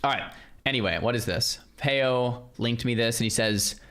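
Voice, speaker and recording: A man's voice: medium pitch, normal speed, a bit bright. A man hosting a stream, chatting to viewers in casual reaction commentary, often repeating himself. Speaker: streamer host.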